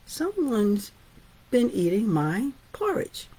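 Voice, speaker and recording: A woman's voice: fairly high pitch, very animated, slow pace, warm tone, husky, heavily acted. A woman voicing an indignant father bear in a retold fairy tale.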